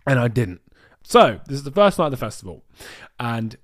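A man from the UK co-hosting a podcast, telling a travel story in a rambling, animated way with lots of restarts. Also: mid-range voice, moderate pace. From United Kingdom. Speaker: podcast co-host. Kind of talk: casual storytelling chat.

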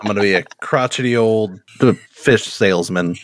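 A man's voice: fairly low pitch, normal speed, no echo. A man playing a tabletop role-playing game, joking casually with friends. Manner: playful, joking. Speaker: player.

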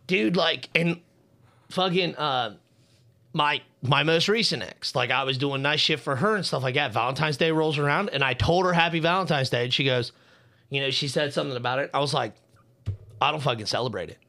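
A man's voice: fairly high pitch, fairly quick, gravelly, bright, forceful tone. A man co-hosting a casual podcast, telling a story in a heated, profane rant while worked up and hot under the collar. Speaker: podcast co-host.

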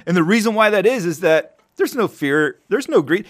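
Male podcast host, casual solo talk, loose joking delivery with big excited pitch jumps. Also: moderate pace, no room sound, clean studio sound. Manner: animated storytelling, jumps high when excited.

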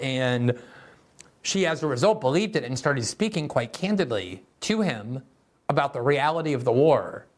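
Man, political commentary host, sardonic, conversational, mocking. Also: medium pitch.

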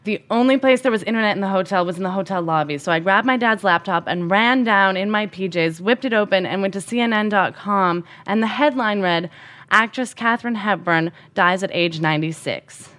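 A woman tells a personal story in an animated, emphatic way. Her pitch sits in an ordinary middle range for a woman, and she leans hard on key words. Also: fairly quick, hardly any pauses.

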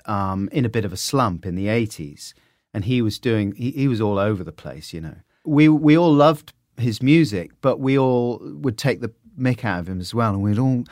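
A middle-aged man telling stories in an interview, animated and slipping into silly voices. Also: medium pitch, no room sound, clean studio sound. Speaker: podcaster guest. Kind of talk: conversational interview.

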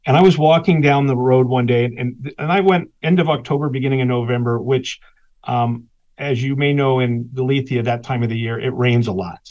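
A man's voice: mid-range voice, a little fast. Man telling a story, dull lo-fi sound. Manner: animated storyteller, laughs between lines. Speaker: guest, author. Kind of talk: personal storytelling in conversation.

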